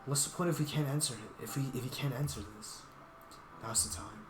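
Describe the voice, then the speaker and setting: A man's voice: mid-range voice, brisk, noisy background, close to an everyday voice. A man reading a flustered, hesitant young man. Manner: hesitant, self-conscious. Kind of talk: reading a visual novel aloud. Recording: roomy echo with guitar music.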